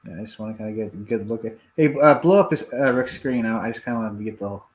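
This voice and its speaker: A man's voice: fairly low pitch, rapid-fire. A man joining a live stream as a guest, joking and teasing in casual chat over a video call.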